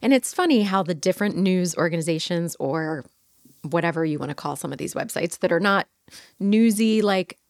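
A woman hosting a podcast, chatting casually and reading headlines aloud with lively asides. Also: on the low side, moderate pace, no echo, studio quality. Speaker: podcast host.

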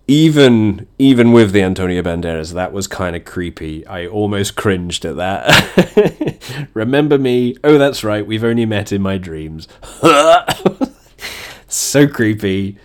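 A man's voice: on the low side, sing-song, slow pace, faint music behind. A man hosting a casual comedy chat, mocking lines and laughing often between them. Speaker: podcast host.

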